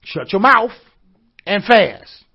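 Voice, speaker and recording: A man preaching a sermon, calling to the congregation for responses and rising to shouts. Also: sits high, sing-song, slow pace, gravelly, slightly rough. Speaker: pastor.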